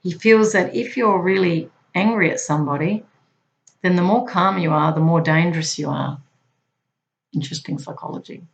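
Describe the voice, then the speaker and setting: A woman with a fairly low voice reads aloud from a transcript and breaks off to comment on it. She talks in a chatty, conversational way and keeps putting rhetorical questions to her listeners. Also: normal speed, vocal fry, muffled recording. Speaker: channel host.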